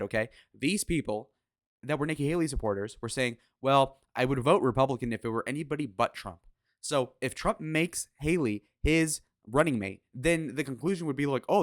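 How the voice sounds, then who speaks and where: A man's voice: medium pitch, a bit bright, no echo, studio quality. A man giving casual political commentary in a crude, sarcastic, opinionated way, with swearing.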